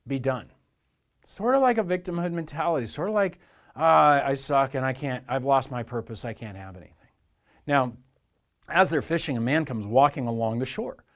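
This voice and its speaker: Conversational man preaching a sermon. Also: a little high. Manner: conversational preaching, acts out voices in quotes. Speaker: pastor. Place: church.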